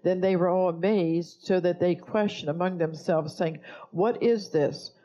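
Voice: medium pitch, steady tone, normal speed, dark tone, lo-fi sound. A pastor preaching a sermon, blunt and scolding toward the congregation.

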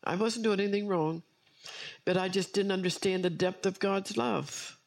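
A woman's voice: medium pitch, moderate pace, creaky. A woman preacher delivering an earnest sermon with personal testimony, repeating key phrases for emphasis.

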